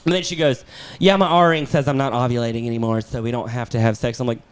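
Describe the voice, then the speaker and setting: A man's voice: medium pitch, steady tone, fast talker, smooth. A man hosting a podcast, telling a long comic story with lots of swearing and laughter. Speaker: podcast host, comedian. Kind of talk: casual storytelling chat.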